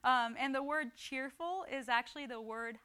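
Woman, bright clear voice, slightly high, casual sermon, conversational, quotes scripture. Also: moderate pace. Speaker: Bible teacher.

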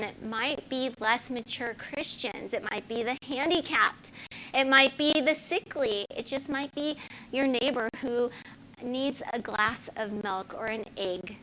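Woman speaker, middle-aged, bright and earnest, sharing faith stories with light room noise behind. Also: medium pitch, poor audio. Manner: earnest, personal, with fillers and a softly read hymn. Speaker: women's ministry speaker. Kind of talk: devotional talk to a church gathering.

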